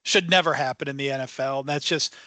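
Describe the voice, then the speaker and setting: A man co-hosting a sports podcast in a joking way, quick to laugh along with the others. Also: mid-range voice, sharp tone, no room sound. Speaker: podcast co-host. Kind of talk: casual chat.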